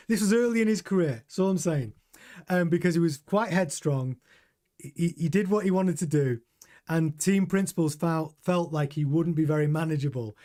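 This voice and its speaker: A man's voice: a little high, darkish tone. A man hosting a casual live stream about motor racing, chatty and opinionated, reading out viewer comments. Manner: chatty, opinionated, reads chat aloud. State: drinking coffee. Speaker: host.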